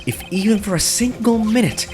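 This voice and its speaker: An earnest young defense lawyer who pleads in a somewhat high voice, as a man dubs him for a game. His pitch moves a great deal, and faint music plays underneath. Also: expressive, fairly quick, a little mellow. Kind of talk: fan voice dub of a game.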